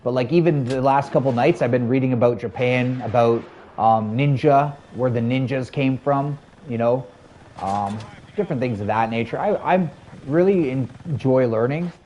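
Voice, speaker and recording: A man in his thirties streams a shooter game and chats with viewers as he plays. His voice sits at an ordinary middle pitch, and he rambles from one idea to the next in a relaxed, friendly way. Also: moderate pace, highs cut off, slight background noise. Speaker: gaming streamer. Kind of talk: casual live-stream chat while gaming.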